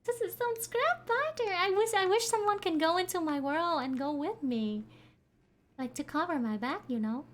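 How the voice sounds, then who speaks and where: Young woman game streamer, very high and lively voice, excitable and quick to laugh and swear. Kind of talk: live gameplay commentary.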